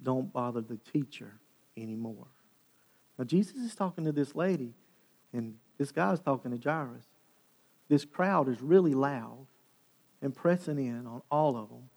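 A male pastor preaching a sermon, retelling a story with animated, dramatic delivery. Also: mid-range voice, normal speed, creaky. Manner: animated, dramatic storytelling with sharp swings in loudness.

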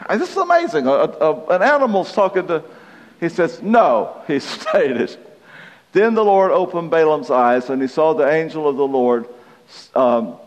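A man's voice: medium pitch, a little mellow. Folksy male preacher, chuckles at his own anecdotes; dull recording in a big echoing hall. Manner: folksy, self-deprecating, chuckles through anecdotes. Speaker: pastor. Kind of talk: sermon with personal storytelling.

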